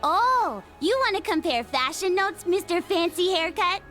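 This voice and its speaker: A woman voicing an energetic, playful teenage girl in a video game, with a teasing, bubbly way of talking. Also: very high voice, a little slow, faint music behind, heavily acted. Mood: cheerful.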